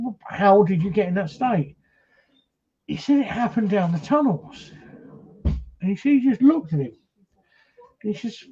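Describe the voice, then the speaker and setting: A man's voice: high voice, dark tone, husky, lo-fi sound. Man telling a ghost story. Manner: retells a story with many "he says" and acted quotes. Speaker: paranormal investigator. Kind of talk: casual storytelling chat.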